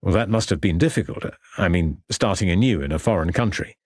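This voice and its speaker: Man playing victorian police inspector, formal, polite, low voice, dry sound. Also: lively intonation, a little fast, a little mellow, no room sound. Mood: sympathetic. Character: persistent Victorian male police inspector, courteous.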